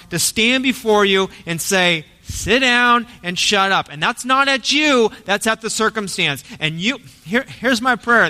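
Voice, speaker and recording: A man preaching a sermon as pastor, swinging from soft, quiet stretches to forceful, punchy emphasis. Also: high voice. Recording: long hall reverb.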